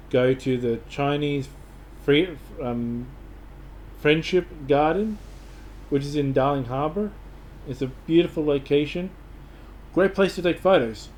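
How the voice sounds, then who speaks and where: A man's voice: mid-range voice, darkish tone, slight background noise. An Australian man giving casual travel advice to camera, rambling and enthusiastic, with lots of fillers and restarts.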